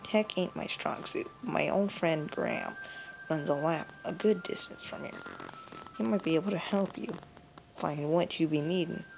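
Folksy old game grandmother read by a woman, low and gravelly, noisy recording. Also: moderate pace. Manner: drawling folksy speech, reading game dialogue aloud.

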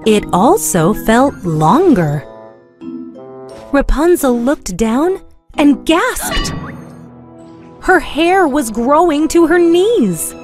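A woman narrating a children's storybook in a slow, clear, expressive way. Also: sits high, soft background music.

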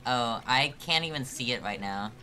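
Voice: medium pitch, expressive, moderate pace, bright, forceful tone. A live streamer commenting on a hard climbing game, exasperated and self-mocking, joking about being about to cry.

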